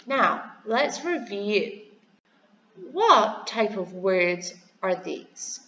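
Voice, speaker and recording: A woman teacher slowly giving a review lesson to young pupils, spelling each word letter by letter and asking them to repeat. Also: medium pitch, big pitch swings, pushed and bright, lo-fi sound, a little hiss or hum. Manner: slow, clearly spelled out, letter by letter; encouraging, asks to repeat words. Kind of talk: recorded classroom review lesson. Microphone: computer microphone over slides.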